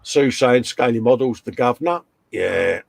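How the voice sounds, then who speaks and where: A man's voice: mid-range voice, lively intonation, normal speed, creaky, a little hiss or hum. A man with a British accent co-hosting a casual live stream, reading out viewer comments and trading slangy jokes from a home workshop. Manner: jokey banter with slang.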